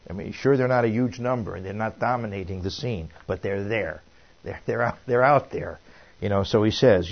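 A man preaching a Bible study, reading scripture aloud and then explaining it in a relaxed, conversational way with frequent restarts. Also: fairly low pitch, normal speed, muffled recording.

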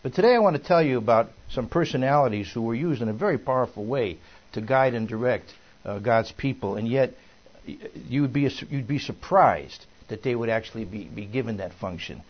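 A man's voice: medium pitch, lively intonation, fairly quick, hardly any pauses, muffled recording. A man preaching a sermon as a minister, folksy and rambling with many fillers and restarts.

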